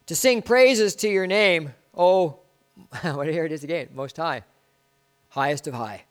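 A man's voice: a little high, measured pace. Man preaching with rising, falling emphasis. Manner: preacher who swings from loud declarations to hushed asides. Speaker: pastor. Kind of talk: sermon.

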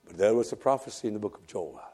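A man preaching a sermon, swinging from loud fervent cries to hushed near-whispers and repeating phrases for emphasis. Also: lowish voice, lively intonation, fast, slightly rough.

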